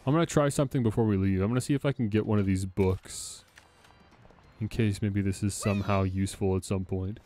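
A man's voice: lowish voice, fairly even intonation, a little fast, dark tone, a little hiss or hum. A man with a sore throat giving rambling, chatty let's-play commentary, laughing often. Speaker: streamer.

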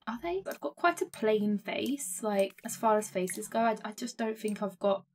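A young woman gives casual, excitable commentary while playing a life-sim game, gasping and gushing as she goes. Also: medium pitch, normal speed. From England. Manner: gushing, excitable, gasps often. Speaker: gaming streamer.

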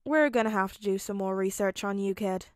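A woman voicing a stern, worried man who is a teenager's father figure, in a fan audiobook reading, commanding and gruff. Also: mid-range voice, brisk, no room sound, studio quality, lightly acted. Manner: commanding, then gruffly tender.

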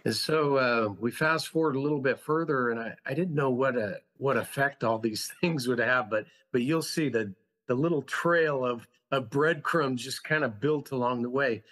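A man's voice: medium pitch, moderate pace, fairly bright tone. Earnest, passionate man telling his story. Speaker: podcast guest, school founder. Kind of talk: conversational storytelling.

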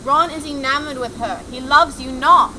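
A woman's voice: high-pitched, normal speed, sharp tone, slight background noise, rough recording. A woman playing a pleading, lovesick young male wizard. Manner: pleading, dramatic declarations.

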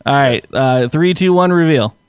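A man's voice: mid-range voice, normal speed, clean tone, no echo. A man hosting a casual podcast quiz game, joking loosely and laughing often. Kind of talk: casual chat.

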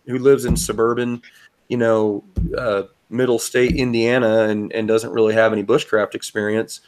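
A man with a bad cold co-hosting a casual podcast, explaining his reasoning in a rambling way. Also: mid-range voice. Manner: rambling, repeats words as he explains. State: has a cold. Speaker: podcast co-host. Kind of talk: casual chat.

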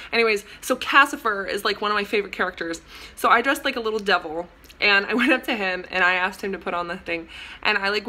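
A young woman tells a fan story to her camera, bubbly and breathless, scattering "like" and "oh my god" through every sentence. Her voice sits at a middling pitch with a bright, forward tone. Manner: gushing, excitable, lots of "like" and "oh my god". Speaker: vlogger. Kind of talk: casual storytime vlog.

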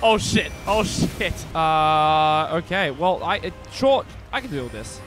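A man's voice: on the high side, measured pace, soft background music. A man commentating his own gameplay live, swearing and talking back to the game. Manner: profane, excitable, swears at the game. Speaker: streamer.

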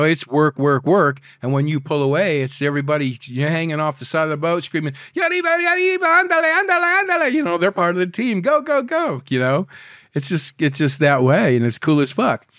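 A man being interviewed as a guest, telling profane, animated stories in a casual chat. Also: medium pitch, no room sound, clean studio sound.

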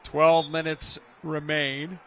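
A young man calling play-by-play at a school soccer game, steady with a dry, teasing side. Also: a little high, takes it slowly, a little hiss or hum. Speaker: play-by-play commentator. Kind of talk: casual sports commentary.

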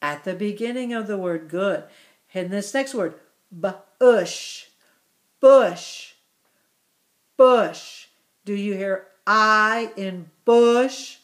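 A woman teacher leads children through a listening drill at a very slow, deliberate pace. Her voice is bright, and she repeats each word several times with gentle encouragement. She sounds middle-aged and patient. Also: mid-range voice.

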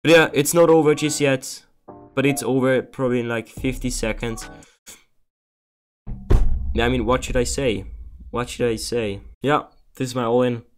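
Young male streamer, mid-pitched, frustrated and profane, repetitive pleading, faint music bed. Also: steady tone, moderate pace, long pauses. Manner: agitated, swearing, pleading repetitively. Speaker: gaming streamer. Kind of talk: casual commentary over gameplay.

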